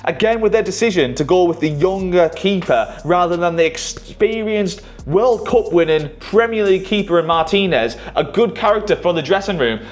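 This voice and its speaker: Give me a slightly high-voiced man ranting casually about football, animated and blunt. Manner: animated, opinionated, swears freely. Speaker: YouTuber, football fan. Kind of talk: casual football opinion vlog.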